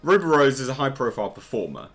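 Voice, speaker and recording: A man's voice: mid-range voice, big pitch swings, quick pace, fairly bright tone, faint music behind. A man hosting a casual pop-culture commentary video, talking in a sarcastic, exasperated way. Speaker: YouTube commentary host.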